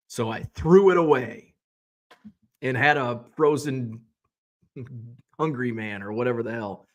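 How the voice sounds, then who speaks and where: A man's voice: mid-range voice, a little slow, pauses often. Rambling male host telling a story. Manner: rambling, self-interrupting, wry storytelling. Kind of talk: casual storytelling monologue.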